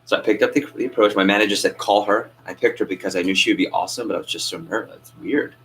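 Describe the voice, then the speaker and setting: Energetic male sales trainer, low voice. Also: rapid-fire, a little hiss or hum, poor audio. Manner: energetic, asks the group questions and acts out phone calls. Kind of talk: coaching a training class.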